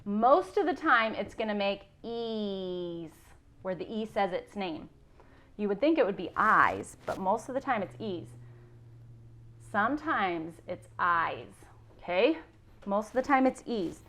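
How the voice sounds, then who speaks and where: Slow, patient woman teacher. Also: mid-range voice, animated, a bit bright. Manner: slow, patient, sounding out words. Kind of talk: recorded class lesson.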